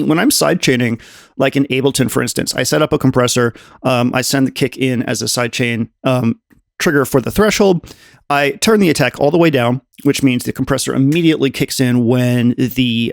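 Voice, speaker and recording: A man's voice: mid-range voice, vocal fry, no room sound. A man hosting a casual synth module demonstration, talking loosely with lots of fillers as he thinks aloud. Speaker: synth demo host. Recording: music from synth modules behind. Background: drum machine and synth music.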